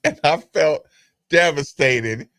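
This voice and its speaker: Brief: male radio host, animated rambling storyteller, bright forceful tone, dry studio sound. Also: fairly high pitch, slow pace, no room sound. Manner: animated, digressive, breaks into voices of others. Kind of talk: casual talk-show storytelling.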